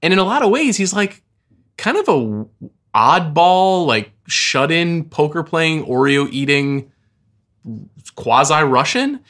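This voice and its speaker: A man's voice: a little high, sing-song, slow, a bit bright. A man co-hosting a casual movie podcast, thoughtful and a little hedging as he picks apart a film. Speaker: podcast co-host.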